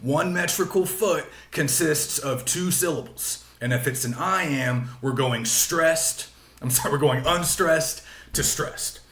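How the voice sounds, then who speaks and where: A man with a somewhat higher voice delivers a recorded classroom lecture. He explains patiently, circles back to repeat key points, and fills pauses with small hesitations. The sound is roomy and echoey. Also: fairly bright tone, a little hiss or hum. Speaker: literature lecturer.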